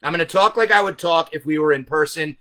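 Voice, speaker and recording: A man hosting a live stream, explaining his point loudly and emphatically to viewers from a camera set some way back. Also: a little high, fast. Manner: speaks loudly. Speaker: host. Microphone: camera set back from him.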